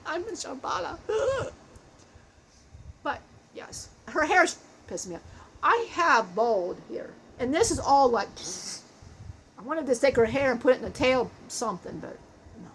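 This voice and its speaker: A woman's voice: high voice, big pitch swings, measured pace, long pauses, slight background noise, full character voice. A woman channeling the spirit of a big, bald dead man who swears, jokes crudely and laughs often. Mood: joking.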